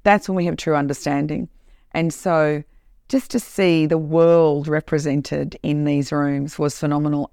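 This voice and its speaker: A woman who is a corporate trainer and podcast host, telling a story in an animated, emphatic way in a casual monologue. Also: deep voice, vocal fry, dry recording, studio quality.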